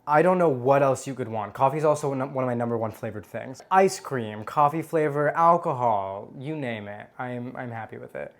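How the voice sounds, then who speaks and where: At a moderate pace with few pauses, a medium-pitched host walks through a casual homemade cocktail tutorial. The tone is chatty and playful, with self-deprecating jokes and appreciative hums while tasting.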